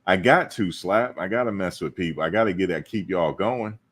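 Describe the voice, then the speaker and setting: A man's voice: low-pitched, brisk, a bit bright, breathy edge. A male host of a football fan show, chatting casually in a playful, joking, slangy way and repeating himself for emphasis.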